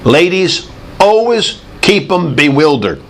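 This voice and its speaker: A middle-aged male preacher with a slightly raised, gravelly voice. He delivers his sermon with lively swoops of pitch, breaking into vocal sound effects as he tells his story. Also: slow.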